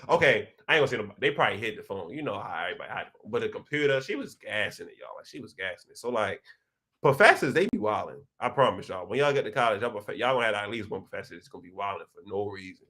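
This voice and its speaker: Animated young man chatting with viewers. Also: rapid-fire. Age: young adult. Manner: animated, slangy storytelling with big pitch jumps. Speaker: host of a live chat session. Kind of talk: casual livestream chat, reading viewer comments.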